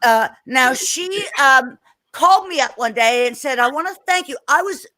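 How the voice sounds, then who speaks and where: Bright high-voiced woman telling a story. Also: animated, normal speed, poor audio. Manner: emphatic, swears she is telling the truth, acts out quotes loudly; repeats words when starting sentences. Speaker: singer, podcast guest. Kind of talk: animated storytelling in an interview.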